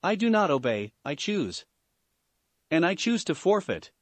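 A weary but defiant young man who speaks clearly and resolutely, as a man puts him on in a story reading. The voice moves through a wide range and sounds dry. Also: a little high, very animated, a little slow, dry recording.

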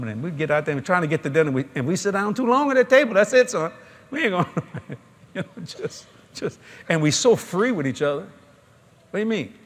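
A middle-aged man, preaching a sermon in a folksy storytelling way at a large convention. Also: on the high side. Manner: folksy, animated storytelling with laughter.

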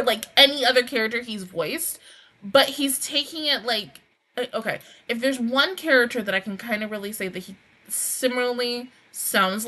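A woman hosting a casual anime reaction review, excitable and swearing a lot, breaking into laughter often. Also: fairly high pitch.

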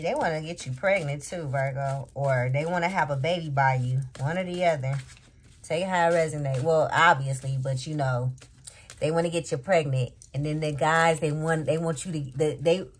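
A woman giving a casual tarot reading, rambling and asking "okay?" again and again. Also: low-pitched. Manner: rambling, repeats "okay?" often. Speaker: tarot reader.

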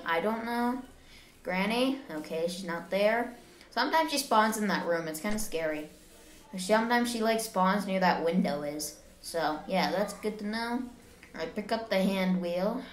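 A woman's voice: medium pitch, slight background noise. Woman gaming host, chatty and giggly, roomy recording. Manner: chatty, giggly, talks to viewers. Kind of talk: casual let's-play commentary.

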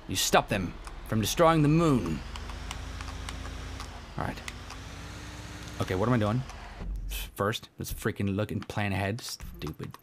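A young man giving excitable, goofy gameplay commentary, often dropping into a hushed half-whisper. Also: lowish voice, measured pace, pauses often, a little hiss or hum. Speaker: let's play gamer.

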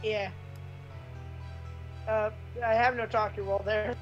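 A woman playing along in a let's play, voicing characters in a teasing, low-key way. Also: steady tone, measured pace, lo-fi sound, soft background music. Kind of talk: let's play voice acting with friends.

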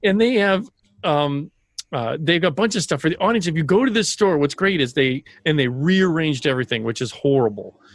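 A man hosting a comedy talk show, telling stories in an animated way and laughing often. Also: a little high, a little fast, dry recording. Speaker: show host. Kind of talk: casual comedic banter.

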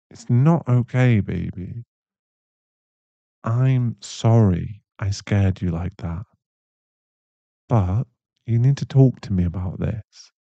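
A young man in a whispered role-play, voicing a caring, protective boyfriend who speaks softly and reassuringly, with a gravelly voice. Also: medium pitch, dry recording, muffled recording. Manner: soft, reassuring, slow-spoken. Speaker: ASMR voice actor.

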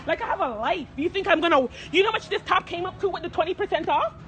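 A woman filming herself in a clothing store on her phone, indignant, loud and swearing, close to tears as she argues with staff. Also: extremely high pitch, lively intonation, quick pace, slight background noise. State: tearful, near crying. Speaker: shopper confronting store staff. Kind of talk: self-filmed confrontation. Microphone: phone camera held by speaker.

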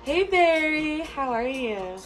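This casual livestream features a woman calling out to each viewer with affectionate, flirty pet names while music plays. She speaks slowly in a high voice with big pitch swings, on a low-quality recording.

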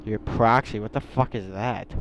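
A young man commentating his own game live, excitable and swearing, whining at the other players. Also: fairly low pitch, normal speed, muffled recording, noisy background. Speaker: gamer.

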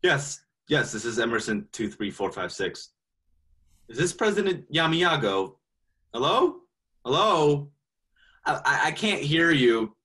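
An actor playing a dim, lovesick teenage son who talks in an eager, goofy way. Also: male voice, a little high, very animated, measured pace, sharp tone, full character voice.

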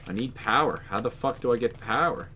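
Excitable swearing man playing a game. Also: medium pitch, fairly quick, a little hiss or hum. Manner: excitable, swearing, loud outbursts. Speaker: gaming channel host. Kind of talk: let's play commentary.

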